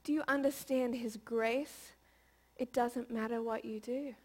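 A woman's voice: a little high, fairly even intonation, unhurried. A woman in her thirties giving a conversational, playful sermon and often asking the audience questions. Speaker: preacher.

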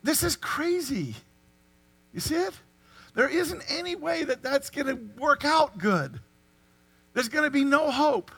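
A man preaching a sermon, animated and full of rhetorical questions to the congregation. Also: very high-pitched, a little slow, creaky. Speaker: pastor.

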